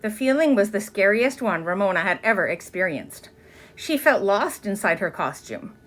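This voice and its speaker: Expressive woman reading a children's book. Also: medium pitch, moderate pace. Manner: expressive, chatty asides. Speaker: reader reading aloud to children. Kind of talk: children's book read-aloud with asides.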